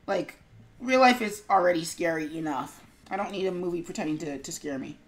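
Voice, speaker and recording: Working on an animation, a woman streamer chats casually with her viewers in a lowish voice at a slightly fast clip. She rambles, leans on lots of fillers, and mumbles to herself.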